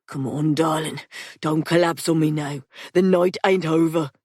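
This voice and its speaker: Woman voicing a gruff commanding gangster. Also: deep voice, steady tone, a little slow, darkish tone, no room sound, clean studio sound. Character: rough, commanding male gangster.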